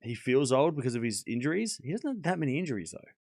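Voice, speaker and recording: A man hosting a casual live tennis watchalong, rambling with repeated restarts and switching into brisk play-by-play calls. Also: medium pitch, no echo, studio quality. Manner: animated, rambling, repeats words while restarting sentences. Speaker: host and live tennis commentator. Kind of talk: casual livestream watchalong commentary.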